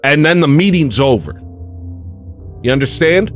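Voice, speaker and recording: A man's voice: medium pitch, lively intonation, moderate pace, soft background music. A man hosting a casual livestream, ranting and mocking in a brash, loose way. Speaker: livestream host.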